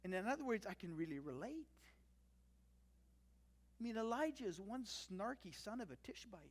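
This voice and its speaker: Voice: medium pitch, sing-song, normal speed. A pastor giving a conversational, wry sermon, retelling scenes and breaking into acted-out quotes. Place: church sanctuary. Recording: long church reverb.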